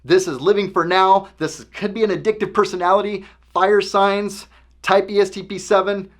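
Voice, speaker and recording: A man's voice: high voice, fairly even intonation, normal speed. A man hosting a casual explanatory talk, conversational and often checking in with the listener. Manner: conversational, keeps checking in with "okay?". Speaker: host.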